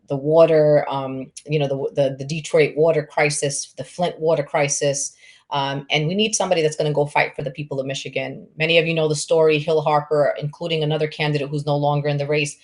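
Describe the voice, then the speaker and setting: A woman from New York hosting an event, introducing the next speaker with enthusiasm and many ums. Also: deep voice. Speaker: event host.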